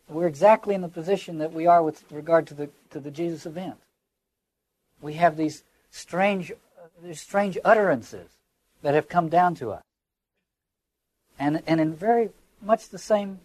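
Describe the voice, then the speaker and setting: Husky man giving a reflective lecture. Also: a little high, a little mellow, no echo. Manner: reflective, quotes lines aloud with emphasis; repeats words while searching for phrasing. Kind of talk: literature lecture.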